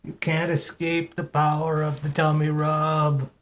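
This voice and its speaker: A young adult man hosting a casual live internet radio show, cooing softly in baby talk to his cat between announcements. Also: on the high side, completely flat delivery, measured pace.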